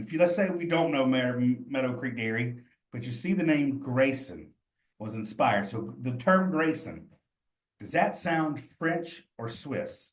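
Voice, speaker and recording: A man's voice: a little high, reverberant. A man leading a cheese exam study session, reasoning through quiz answers aloud in a casual, encouraging way.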